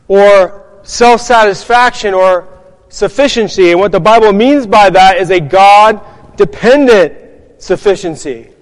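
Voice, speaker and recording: A man's voice: sits high, a little slow, long reverb tail, poor audio. A man preaching a sermon, earnest and emphatic, putting rhetorical questions to his congregation.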